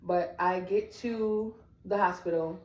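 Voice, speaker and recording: A woman's voice: lowish voice, slow. A woman telling her own family story, acting out the quoted dialogue as she goes. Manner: animated, acts out quoted dialogue. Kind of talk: personal storytelling. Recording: echoey room.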